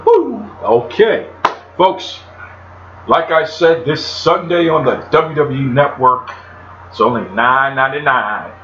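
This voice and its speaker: Guy hosting his own podcast, talks about himself by name, roomy sound w faint hiss. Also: mid-range voice. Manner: chatty, animated, calls himself by name in third person. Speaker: podcast host. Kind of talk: solo wrestling podcast talk. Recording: roomy, dull lo-fi home recording.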